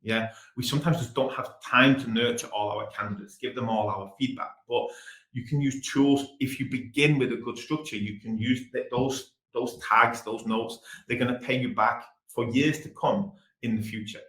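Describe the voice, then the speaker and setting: Fast-talking English man presenting a webinar. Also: medium pitch, steady tone, a bit bright, reverberant, rough recording.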